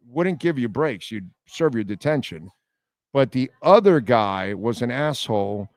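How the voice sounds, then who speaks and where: A man from Miami hosts a sports radio show in a casual live-stream chat, rambling through a profane story and reading out chat comments. His voice is mid-range, with no echo.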